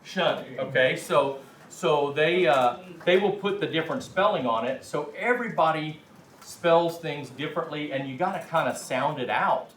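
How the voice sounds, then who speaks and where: Man, casual classroom lecture, chatty and emphatic, a bit high voice, echoey room, mic far off. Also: moderate pace, fairly bright tone, slight background noise. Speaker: language class teacher. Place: classroom with an audience.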